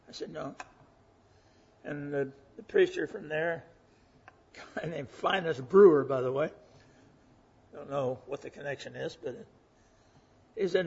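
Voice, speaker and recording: A man in his 80s preaches a folksy, earnest sermon full of stories, acting out the voices he quotes. His voice is a little high and husky, moving at a moderate pace with long pauses. The recording is muffled and lo-fi.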